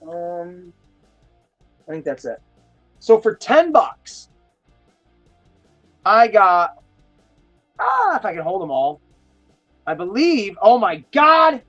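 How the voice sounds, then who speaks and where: A man hosting a casual live stream, chatting in a rambling, excitable storytelling way. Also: sits high, slow pace, pauses often, lo-fi sound, faint music behind. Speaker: host of a toy chat live stream. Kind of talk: casual chat.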